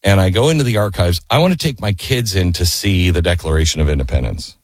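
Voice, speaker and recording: A man hosting a talk radio show, telling a story in a lively way and acting out the quoted lines with sudden jumps in pitch. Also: fast talker, dry recording.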